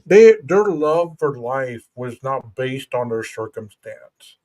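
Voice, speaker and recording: A man's voice: mid-range voice, lively intonation, slow pace, a little mellow. Earnest reflective man hosting a stream. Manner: earnest, reflective, says "bro" and "you know". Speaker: podcast host. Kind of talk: casual livestream chat.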